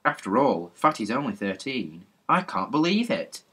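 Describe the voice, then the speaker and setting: A blunt, brisk schoolboy who takes charge of the others, as a man reading the story puts him on. The voice is bright with a husky grain. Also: mid-range voice, very animated. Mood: doubtful. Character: bossy older schoolboy, blunt.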